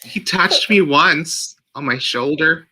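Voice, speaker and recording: Man, bright voice, playful, teasing, casual podcast co-host. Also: on the high side, takes it slowly, husky. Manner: playful and teasing, with lively storytelling. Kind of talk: casual movie chat.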